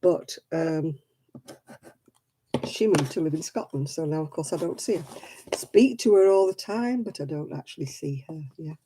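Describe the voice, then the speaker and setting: A woman's voice: low-pitched, normal speed, noisy background. A woman from Oldham in England with a Lancashire accent, chatting casually while crafting on a live stream and answering viewer comments. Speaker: crochet vlogger.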